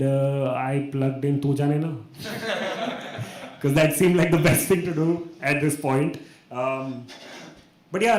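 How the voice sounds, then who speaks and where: A man's voice: mid-range voice, a little mellow. Young man telling a story, echoey room. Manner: rambling, self-mocking, uses many fillers. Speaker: open mic performer. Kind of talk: personal storytelling on stage. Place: small performance room.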